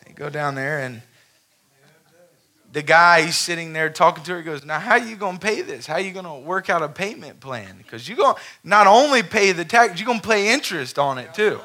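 Bright-voiced preaching pastor. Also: male voice, fairly high pitch. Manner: impassioned preaching, calls for amen. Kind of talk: sermon with storytelling. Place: church sanctuary before a congregation.

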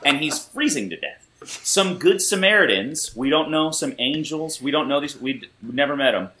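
A man's voice: a little high, normal speed. A young man, a podcast guest, telling a long anecdote and acting out the people in it. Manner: lively, acts out quoted voices. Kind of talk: storytelling anecdote. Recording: roomy echo.

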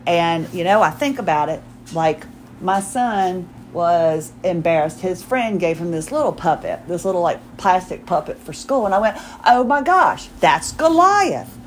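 A woman's voice: lowish voice, moderate pace, a little mellow, a little hiss or hum, low-quality recording. A woman in her forties hosting her own podcast, talking in a chatty, rambling way, often restarting her sentences and acting out quotes. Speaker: podcast host. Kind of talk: casual solo podcast chat.

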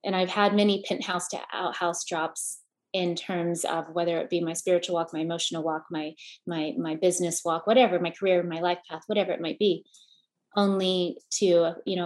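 Heartfelt, halting woman podcast host. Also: on the low side, darkish tone. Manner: heartfelt, repeats words while searching for them. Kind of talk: emotional conversational chat.

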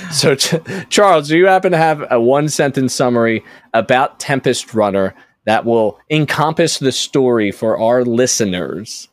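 A man's voice: mid-range voice, animated, measured pace, dry recording. A man hosting a casual podcast chat, talking chattily with lots of fillers and frequent laughs. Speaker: podcast host.

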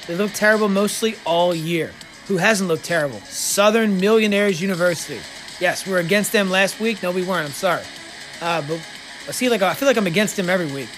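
A man hosting a podcast, giving sports betting picks in a casual, sarcastic way with quick joking asides. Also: sits high, over music.

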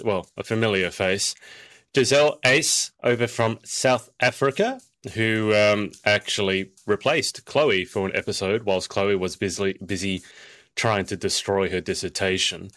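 A man hosting a casual podcast chat, teasing his guests and quick to laugh, a little short on sleep. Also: fairly low pitch, fairly bright tone, no room sound. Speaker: podcast host.

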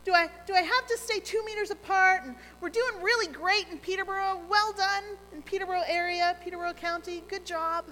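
A middle-aged woman preaching a sermon as pastor, earnest and gentle, dropping to a near hush on key phrases. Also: very high-pitched, brisk, hardly any pauses, in a large hall, slight background noise, rough recording.

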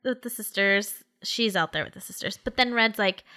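A woman's voice: mid-range voice, normal speed, pushed and bright. A woman in casual conversation, animatedly retelling a story with many fillers and quoted dialogue.

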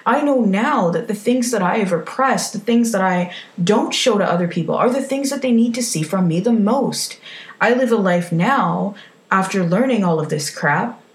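A woman's voice: mid-range voice, expressive, normal speed. Frank, emphatic woman in an echoey room. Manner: frank, emphatic, swears casually. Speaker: self-help speaker. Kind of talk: casual motivational monologue.

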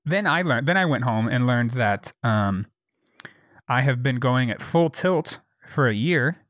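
Swearing animated storyteller man. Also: mid-range voice, unhurried, dry recording, studio quality. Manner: animated storyteller, swears a lot, acts out quotes. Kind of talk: casual chat.

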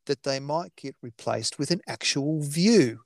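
A man's voice: a little high, animated, unhurried, dry recording. Chatty man with a dry, close sound. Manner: chatty, laughs often. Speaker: podcast co-host. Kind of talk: casual chat about films.

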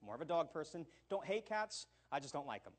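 A middle-aged male pastor giving an animated sermon, often checking in with "all right?" and acting out quotes. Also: on the high side, a little fast. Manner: animated preaching with repeated "all right?" asides and acted quotes.

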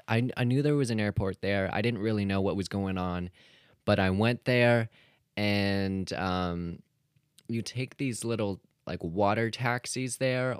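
A man's voice: on the low side, clean tone, dry recording, clean studio sound. A man hosting his own podcast alone, chatting casually in a rambling, self-deprecating way, full of ums and restarts. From Canada. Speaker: podcast host. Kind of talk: casual solo podcast chat.

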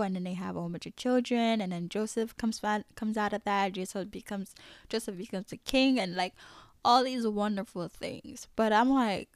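A woman's voice: mid-range voice, no room sound, studio quality. A woman hosting a faith podcast, talking candidly and emphatically in a casual way, peppered with "like". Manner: candid, emphatic, heavy use of "like". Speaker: podcast host.

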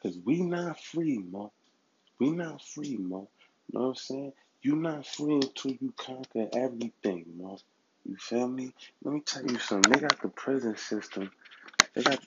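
A man's voice: medium pitch, normal speed, a bit bright, breathy edge. A man delivering a heated street monologue, repetitive and slangy, stumbling over words when worked up. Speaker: vlogger giving street advice. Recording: dull lo-fi recording.

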